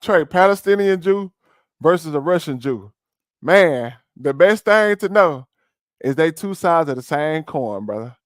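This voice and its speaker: A man doing reaction stream commentary, ranting in a loud, mocking, slangy way. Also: a little high, lively intonation, measured pace, dry recording, studio quality. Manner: loud, mocking, slangy rants with sudden shouts.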